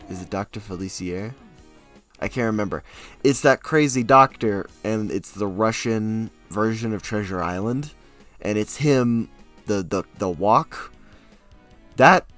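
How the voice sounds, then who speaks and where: A young man chatting casually to his stream audience, rambling with sudden loud, animated bursts. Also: lowish voice. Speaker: streamer and hobby actor. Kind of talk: casual chat to a live stream.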